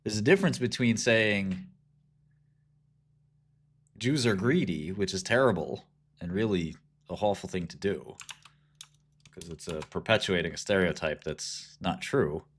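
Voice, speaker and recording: Casting: man as a stock streamer, casual rambling talk, husky and lively. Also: low voice. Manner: rambling, irreverent, jokey. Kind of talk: casual live-stream commentary.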